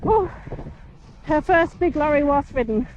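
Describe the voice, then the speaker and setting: A woman's voice: sits high, lively intonation, measured pace. A woman in her forties, chatting casually while riding her horse on a busy road, soothing the horse and thanking passing drivers. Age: 40s. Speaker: horse rider vlogger. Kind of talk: casual story-time chat while riding. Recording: muffled outdoor recording, traffic noise. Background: passing traffic.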